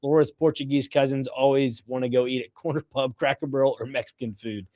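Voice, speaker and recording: A man's voice: mid-range voice, steady tone, brisk, a little mellow, no room sound, clean studio sound. A man co-hosting sports radio, reading listener texts aloud in a playful manner. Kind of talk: casual sports radio banter. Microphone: studio microphone.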